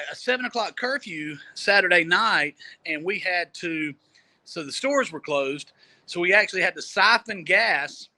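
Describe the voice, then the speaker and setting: A man with a high, bright voice tells a long travel story in a loose, chatty way. He laughs easily and often repeats words as he goes. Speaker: storyteller guest. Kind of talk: casual storytelling. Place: Jamaica.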